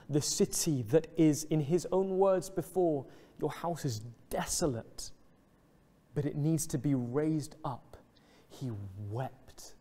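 A man preaching a sermon in an earnest, reflective way, dropping soft and slow on emotional lines. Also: fairly high pitch. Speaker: pastor. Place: church.

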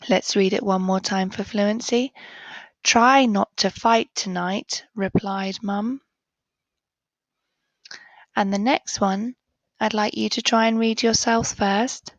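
A woman leads a children's phonics lesson at an extremely slow, careful pace. She sounds each word out letter by letter and then repeats it clearly. Her voice is recorded close and dry, with no room echo. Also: medium pitch, fairly even intonation. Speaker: phonics teacher.

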